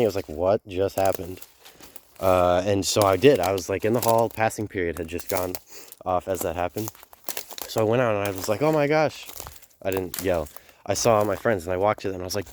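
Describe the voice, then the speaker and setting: A man's voice: fairly low pitch, darkish tone, slight background noise. A young man casually telling a personal story in a rambling, laid-back way, full of fillers and swearing. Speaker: vlogger.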